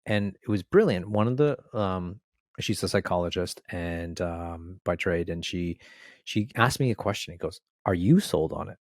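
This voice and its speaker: A man's voice: low voice, normal speed, dry recording, clean studio sound. A man co-hosting a podcast, telling a personal story in a reflective, earnest way. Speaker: podcast co-host. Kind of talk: conversational podcast chat.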